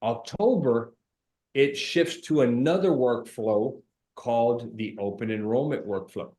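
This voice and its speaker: A middle-aged man who owns an insurance agency, giving a casual sales training talk in an emphatic, animated way and repeating points for stress. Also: medium pitch, measured pace.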